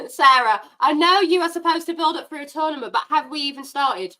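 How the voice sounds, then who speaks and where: A woman hosting a live football watchalong, reacting loudly and getting exasperated with the players. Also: sits high, unhurried, poor audio. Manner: animated, exasperated, shouts at players. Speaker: watchalong host.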